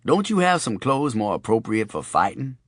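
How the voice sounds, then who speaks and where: A man doing a low, cool streetwise gunman. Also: sing-song, normal speed, a bit bright, dry recording, clean studio sound.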